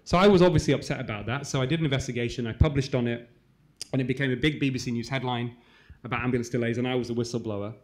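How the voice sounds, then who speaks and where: A man from England, a cardiologist, telling a personal story to a live audience in a fast, conversational way, dropping to a hushed voice in the sad parts. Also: mid-range voice. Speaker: cardiologist speaker. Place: conference hall.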